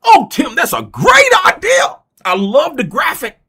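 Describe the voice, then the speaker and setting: A man's voice: extremely high pitch, huge pitch swings, unhurried, bright, forceful tone, pitched above the performer's own voice, exaggerated voice. A man putting on the voice of an overexcited male business partner who heaps effusive praise. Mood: gushing.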